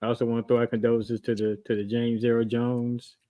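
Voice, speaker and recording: A man's voice: medium pitch, little pitch movement, a little fast, dark tone, low-quality recording. A man co-hosting a podcast, chatting in an easygoing way with brief replies. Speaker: podcast co-host. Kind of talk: casual chat.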